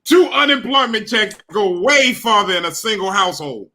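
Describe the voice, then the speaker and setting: A comedian guest in a casual chat, joking and teasing in an unhurried way. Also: male voice, sits high, expressive, pushed and bright.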